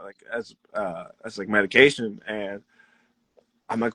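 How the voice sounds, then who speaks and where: Young male wrestler guest, rambling animated storyteller, bright tense voice, dry close sound. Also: lowish voice, normal speed, dry recording. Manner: rambling, animated, laughs often, acts out quotes. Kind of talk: casual interview storytelling.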